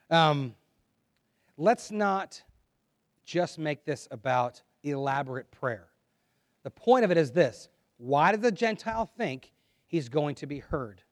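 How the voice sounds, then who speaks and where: Animated preacher, slightly high voice. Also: male voice, dry recording, clean studio sound. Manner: animated, shifts from quiet asides to loud reading. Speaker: pastor. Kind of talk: sermon with scripture reading.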